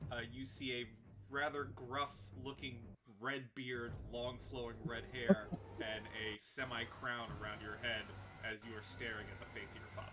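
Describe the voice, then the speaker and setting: A man narrating as game master in a tabletop game, descriptive and measured with frequent fillers. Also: mid-range voice.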